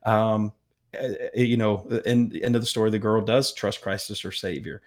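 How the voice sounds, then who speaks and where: A man telling a story as a guest in an interview, earnest and halting with fillers. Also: fairly low pitch, fairly even intonation. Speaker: medical missions guest.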